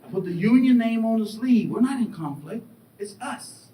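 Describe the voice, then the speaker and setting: A middle-aged man giving a motivational keynote, telling stories with lively acted-out voices and questions to the crowd. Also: normal speed. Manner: animated storytelling, acts out voices and asks the crowd questions. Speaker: keynote speaker. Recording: echoey hall, distant mic, faint rumble.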